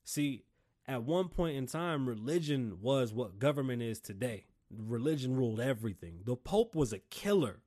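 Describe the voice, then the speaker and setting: A man hosting his own show, ranting casually in an animated, profane, rambling way. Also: mid-range voice, moderate pace. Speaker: show host.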